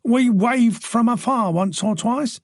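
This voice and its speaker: A man's voice: very high-pitched, darkish tone, no room sound, studio quality, voice pushed up, exaggerated voice. A man voicing a hearty, sociable middle-aged host greeting a guest. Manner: jovial, brisk.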